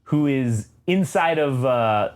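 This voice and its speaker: A man co-hosting a comic book podcast, recapping an issue in a loose, profane, animated way with quick character voices. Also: medium pitch. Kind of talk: casual comic recap chat.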